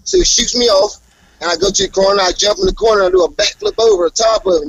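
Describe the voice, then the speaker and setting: Hyped-up wrestler with a gravelly voice. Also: male voice, rapid-fire, no echo, low-quality recording. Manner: hyped, animated, promo-style trash talk with big pitch jumps. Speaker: professional wrestler. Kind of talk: casual interview over a call.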